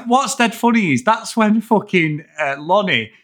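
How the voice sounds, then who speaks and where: High bright guy gushing about a film, swears a lot, does the lines. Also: a little slow. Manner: animated, swearing, acts out scenes. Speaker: podcast co-host. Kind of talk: casual film chat.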